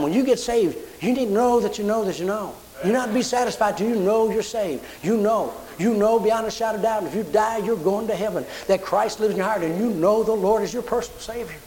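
A man's voice: high voice, a little hiss or hum, low-quality recording. A man preaching a sermon, telling personal stories and acting out the voices in them. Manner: animated storyteller acting out quotes. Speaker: pastor.

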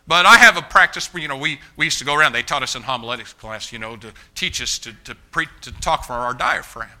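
A pastor in his fifties preaching a sermon in a church, fiery and emphatic, repeating phrases and building to shouts. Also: medium pitch, poor audio. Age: 50s. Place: church sanctuary.

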